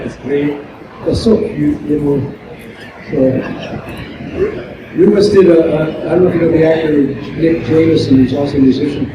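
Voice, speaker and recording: A man's voice: fairly high pitch, fairly even intonation, moderate pace. An older man, a voice actor, tells chatty stories on a convention panel and often breaks into laughter. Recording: echoey hall from far off, noisy.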